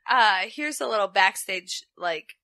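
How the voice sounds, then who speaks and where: A woman's voice: mid-range voice, unhurried. A young woman co-hosting a podcast, animatedly recapping a wrestling show in casual chat and acting out the quotes. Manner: animated storytelling, acts out quotes, laughs a lot. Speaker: podcast co-host.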